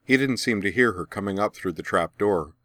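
A man narrating a story in a calm, even audiobook reading. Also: fairly low pitch, brisk, no room sound, studio quality.

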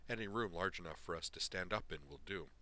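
A man's voice: low-pitched, fast, sharp tone, dry recording. A man voicing Flavia, a stern, formal woman soldier commander, in a read-aloud story.

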